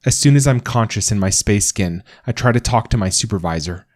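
A man narrating a first-person story in a calm, measured reading voice. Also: on the low side, no room sound.

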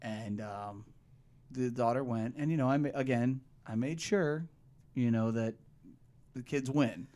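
A man's voice: medium pitch, unhurried. Guy on a podcast rambling through a story, cussing a lot, voices other people as he goes. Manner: profane storytelling, animated asides. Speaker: podcast co-host. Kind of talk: casual chat.

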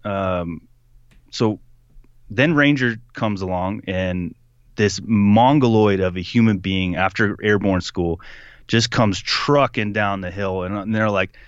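A young man telling a story in casual conversation, animated, putting on voices for the people he quotes and laughing often. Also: fairly low pitch, slow, clear, resonant tone, no room sound, muffled recording. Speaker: podcast guest.

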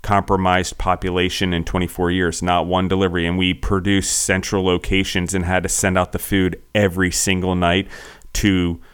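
Deep smooth-voiced podcast co-host. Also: male voice, monotone, normal speed. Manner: emphatic, worked up, loud into the mic. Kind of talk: casual podcast chat. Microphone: close podcast mic.

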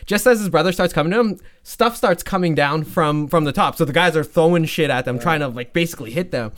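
A man's voice: fairly high pitch, quick pace, fairly bright tone. A man telling a story in a casual, rambling way, full of fillers and restarts, and swearing freely.

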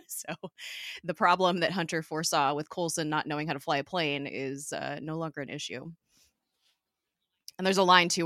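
A woman hosting a podcast, recapping a TV episode in a chatty way, full of fillers and quick giggles. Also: sits low, a bit bright, no room sound, clean studio sound.

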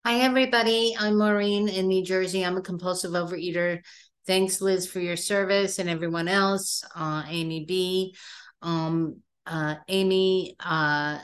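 A woman's voice: on the low side, steady tone, a little slow. A woman giving an appreciative share at a recovery meeting over a video call, with small hesitations. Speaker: meeting member sharing.

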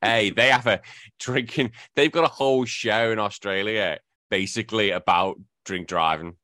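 A man's voice: on the low side, normal speed, bright, forceful tone. A man hosting a casual gaming podcast, rambling and self-correcting with a joking tone. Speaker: podcast host.

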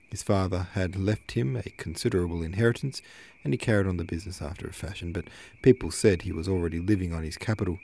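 A man with a very low voice reads a classic novel aloud at a measured pace. He occasionally stops to correct himself, then carries on. His tone is steady, like a long audiobook session. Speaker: audiobook narrator.

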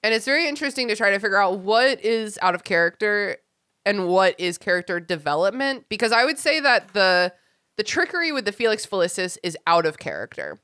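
A woman co-hosting a casual podcast chat, animated and laughing often, acting out lines of the people she talks about. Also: mid-range voice, a little fast, dry recording, studio quality. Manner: animated, laughs often, acts out quoted characters. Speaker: podcast co-host.

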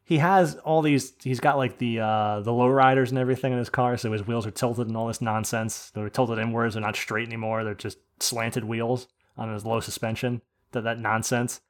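Man from the US, podcast host, ranting, swearing, animated storytelling, casual chat. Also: mid-range voice, moderate pace, few pauses. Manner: animated, profane storytelling rant. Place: podcast studio.

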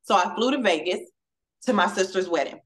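A woman guest on a podcast, telling a personal story in an animated way and acting out the dialogue. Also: medium pitch, a little fast. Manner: acts out quoted dialogue with lively shifts; emotional, testimonial tone.

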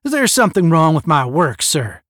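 Cocky young space cadet, read by a man, smooth and self-assured, pitch rising and falling. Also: very animated, moderate pace, a bit bright, no echo, studio quality. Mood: confident.

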